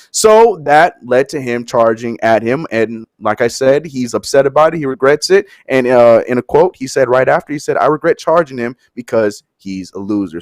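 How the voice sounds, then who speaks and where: A man co-hosting a live sports show, chatting casually and animatedly and mimicking people in high voices. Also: dry recording, clean studio sound.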